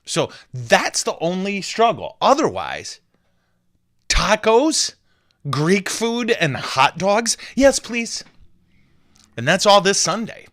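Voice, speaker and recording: A man's voice: sits high, huge pitch swings, slow, a bit bright, no room sound, studio quality. A man, a Catholic priest, hosting a podcast in a casual, joking, rambling way with self-deprecating asides.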